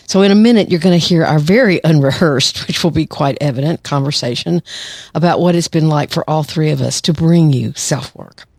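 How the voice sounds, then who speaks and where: A woman's voice: sits low, a little mellow, no room sound, studio quality. A woman in her sixties, a psychologist who hosts a podcast, speaking in a chatty monologue with light laughs. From United States. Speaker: podcast host, clinical psychologist.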